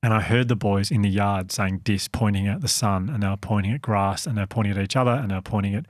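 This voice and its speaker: A man's voice: lowish voice, fast talker, dry recording, clean studio sound. Earnest man telling a story. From Australia. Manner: earnest, self-deprecating, laughs at own slips. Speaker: podcast co-host and company founder. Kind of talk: casual storytelling chat.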